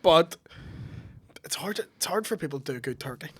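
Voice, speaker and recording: A man whose voice is hoarse and raspy from illness. He jokes as a guest in a dry, deadpan way. His voice sits fairly high for a man. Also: a little fast. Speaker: guest comedian.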